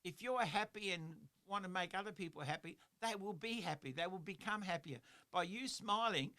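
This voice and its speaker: A middle-aged man hosts a motivational radio show. His voice sits high and bright, with a forceful edge. He talks earnestly and rambles a little, circling back to repeat his key phrases. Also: moderate pace. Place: radio studio.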